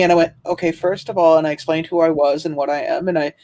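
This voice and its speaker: A woman from Canada co-hosting a livestream, chatty and laughing as she tells stories in casual talk, now and then in quick bursts. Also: low voice, steady tone, dark tone, a little hiss or hum. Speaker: livestream co-host. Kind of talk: casual storytelling chat.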